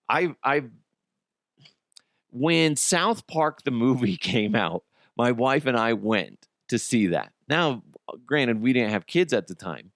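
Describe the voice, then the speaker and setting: Brief: middle-aged male podcast host, lively swinging pitch, dry close sound, rambling comic tales. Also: dry recording. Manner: animated storyteller, swears, acts out quotes in high voices. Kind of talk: casual comedic monologue.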